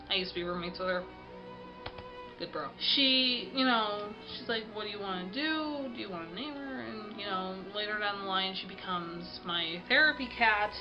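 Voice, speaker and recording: A woman's voice: mid-range voice, muffled recording. A woman vlogger telling a story in a rambling, chatty way, sounding sniffly and tired. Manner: rambling, chatty, with many fillers. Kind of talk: casual storytelling vlog.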